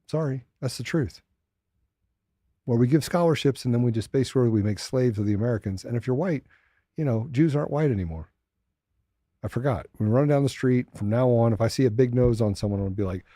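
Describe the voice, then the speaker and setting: Brief: male host ranting, mocking asides, dark mellow voice. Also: medium pitch, fast talker, dry recording, studio quality. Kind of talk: political commentary show.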